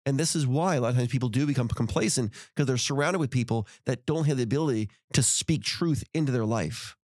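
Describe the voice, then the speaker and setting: A man's voice: mid-range voice, fast talker, darkish tone, no room sound, clean studio sound. A middle-aged man hosting a podcast, telling a story in casual conversation and acting out heated quotes. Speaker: podcast host.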